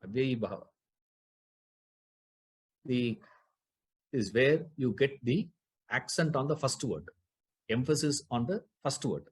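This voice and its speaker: Male scripture teacher, husky mid-pitched voice, patient explainer who repeats terms and quizzes the class. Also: expressive, takes it slowly, long pauses. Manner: asks the class rhetorical questions, repeats key terms. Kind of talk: explaining Sanskrit grammar in a class.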